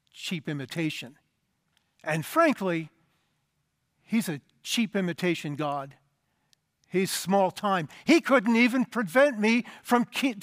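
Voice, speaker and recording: A proud foreign commander rants with scorn about an order he finds beneath him, as a preacher acts him out. His voice sits high and rises louder as he complains. The sound is close and dry. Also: no room sound. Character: proud indignant foreign army commander, man.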